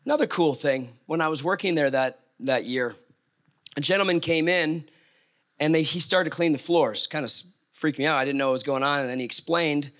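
Middle-aged man, sermon story, slightly higher voice, animated asides. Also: brisk. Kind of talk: sermon-style personal story.

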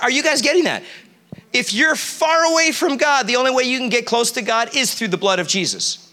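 A male preacher with a high, bright voice that rides up high. He delivers a sermon in a church, animated and throwing questions out to the congregation. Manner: animated, quizzes the audience.

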